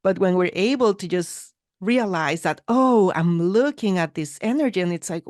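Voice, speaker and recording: Lower-voiced woman co-teaching a class. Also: expressive, normal speed, hardly any pauses, a little mellow, dry recording, clean studio sound.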